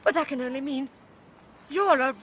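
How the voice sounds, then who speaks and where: An actress playing a brisk, prim heroine in a comic radio drama, with a crisp, indignant manner. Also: female voice, high-pitched, a bit bright, slight background noise. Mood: alarmed.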